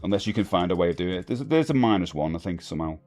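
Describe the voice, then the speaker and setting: A man's voice: deep voice, lively intonation, racing, darkish tone, soft background music. A middle-aged man hosting a live stream, rambling casually and answering chat comments. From United Kingdom.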